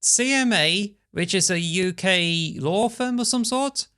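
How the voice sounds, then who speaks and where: A man hosting a podcast, chatting casually and reading news articles aloud in a measured way. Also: high-pitched, bright, forceful tone, smooth. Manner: measured, reads articles aloud, segues between topics. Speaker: podcast host.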